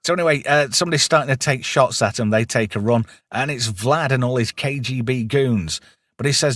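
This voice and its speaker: In clean studio sound with no room reverb, a man with a mid-range voice speaks briskly as he hosts a podcast. His casual film review chat recaps the plot with spirited quoted lines and plenty of laughter.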